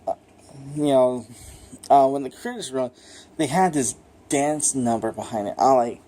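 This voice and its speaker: A man talks through a movie review in a loose, off-the-cuff way. His voice sits at an ordinary middle pitch. He rambles and gets excited, swears freely and leans on constant fillers. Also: normal speed. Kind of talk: casual unscripted film review.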